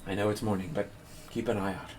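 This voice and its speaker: A man plays a grieving young nobleman in a tabletop game. He speaks in a soft, low, pleading tone that stays earnest and polite, with faint noise in the background. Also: flat delivery, fast, lightly acted.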